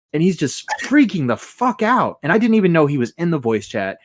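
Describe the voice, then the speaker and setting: A man hosting a casual podcast, telling a story with lots of swearing and an animated delivery. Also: fairly high pitch, brisk, hardly any pauses, no echo. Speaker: podcast host and moderator.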